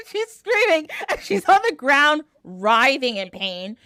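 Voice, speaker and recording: A woman retells an old myth casually in a lively, swooping voice, dropping "like" constantly. She sits a little high in pitch for a woman, and the sound is dry and close. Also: unhurried, no echo. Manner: animated, heavy use of "like". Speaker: podcast guest. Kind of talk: casual storytelling.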